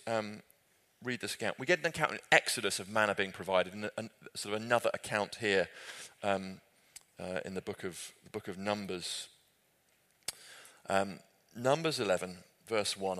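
Man, Bible study leader, easygoing and chatty, often restarting his sentences. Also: on the low side. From Britain. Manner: conversational, self-correcting, gently humorous. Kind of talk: group Bible study teaching.

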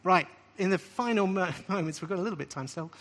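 A man with a slightly high voice preaches to a live group. His delivery is emphatic, and he stresses key phrases by saying them again. He often finishes a point with a questioning "right?". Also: quick pace, a bit bright. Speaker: preacher teaching on scripture. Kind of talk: sermon-style teaching.

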